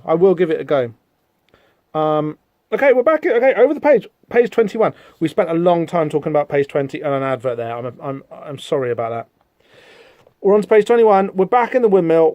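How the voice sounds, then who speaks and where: A man's voice: fairly high pitch, a little mellow, no room sound. A man hosting a podcast, chatting casually through a comic book, rambling with many fillers and restarts. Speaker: podcast host.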